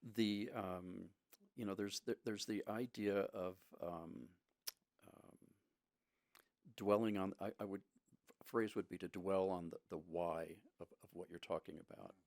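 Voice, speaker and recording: A man co-hosting a casual podcast conversation, speaking in a measured, reflective way with many restarts. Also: sits low, steady tone, darkish tone, no echo, clean studio sound. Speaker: podcast co-host.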